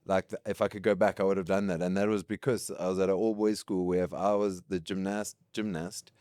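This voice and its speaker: A man's voice: deep voice, fairly quick, clean tone, no echo, studio quality. A South African man in his late thirties, a podcast guest telling school stories in a casual chat and laughing often. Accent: South African English. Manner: laughs often, lively anecdotes.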